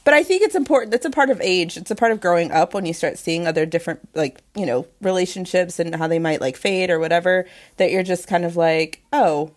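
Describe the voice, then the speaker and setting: Woman in her 30s, lowish voice, thinking out loud on a podcast. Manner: reflective, thoughtful. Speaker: podcast co-host. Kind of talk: casual chat.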